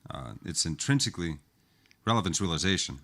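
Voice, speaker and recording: Deep voice but super lively, co-host guy agreeing a lot. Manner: affirming, quick to laugh. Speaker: podcast co-host. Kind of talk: casual chat.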